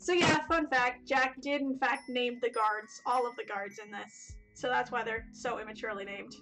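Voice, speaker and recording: A woman with a high voice chats casually as she plays through a game. Her commentary is playful and jokey, with a self-deprecating edge. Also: moderate pace, music in the background. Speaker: let's play host.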